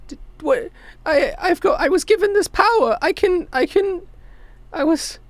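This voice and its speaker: Squeaky stammering kid freaking out, voice all over the place. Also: male voice, expressive, measured pace, no room sound. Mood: distraught. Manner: panicky, stammering. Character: frightened young child with tree powers.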